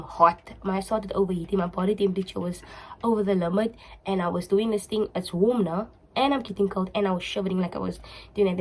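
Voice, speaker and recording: Breathy young South African woman. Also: medium pitch, poor audio. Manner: emotional, repetitive, switches into Afrikaans. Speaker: vlogger. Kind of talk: casual storytelling.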